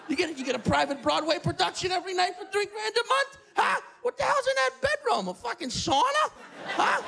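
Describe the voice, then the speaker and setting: A comedian playing an old retired New Yorker who rants loudly about rent. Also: male voice, very high voice, vocal fry, full character voice. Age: older. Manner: shouting, outraged ranting. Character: old-timey retired male New Yorker, loud and indignant. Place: apartment with live audience. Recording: live apartment crowd. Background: small audience laughing.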